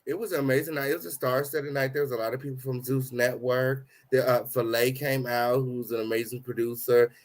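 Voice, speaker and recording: A man's voice: mid-range voice, little pitch movement, brisk, hardly any pauses. Slangy man hosting a gossip chat. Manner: dramatic exclamations, slangy, chatty. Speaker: host.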